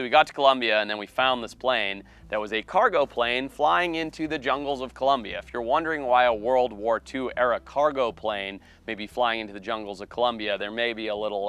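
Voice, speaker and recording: A man, a wildlife biologist and TV host, telling a story in a casual, animated way. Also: mid-range voice, clean tone. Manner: animated, acts out quoted voices.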